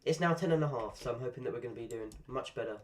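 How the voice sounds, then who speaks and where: Congested from a cold, this male gaming streamer talks very fast in a mid-range, stuffy voice. He offers casual commentary on his gameplay, peppered with dry grumbles and jokes at his own expense.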